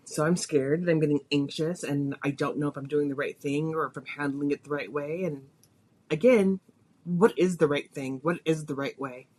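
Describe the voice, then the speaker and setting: A woman's voice: deep voice, moderate pace, darkish tone. A woman hosting a podcast, telling a personal story in a confessional, emotional way, her voice rising and falling with feeling. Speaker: podcast host.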